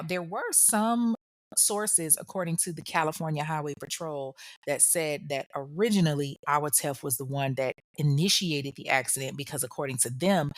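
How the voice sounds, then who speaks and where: A woman's voice: low voice, no echo, clean studio sound. A woman hosting a podcast, telling a true crime story in a chatty, slangy way and talking straight to the listener. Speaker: podcast host.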